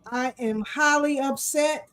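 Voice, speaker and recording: A woman hosting a casual live talk show, animated and fired up, greeting her viewers with shout-outs. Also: high voice, slow pace, low-quality recording. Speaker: host.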